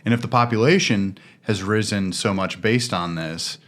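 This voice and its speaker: A man's voice: fairly low pitch, normal speed, fairly bright tone. A man co-hosting a podcast in casual chat, joking and explaining with confidence. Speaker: podcast co-host.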